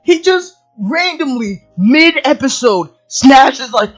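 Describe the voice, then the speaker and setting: A woman ranting in a video review. She is profane and exasperated and often breaks into shouts. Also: high voice, animated, takes it slowly, hardly any pauses. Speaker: video commentator. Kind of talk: angry review rant.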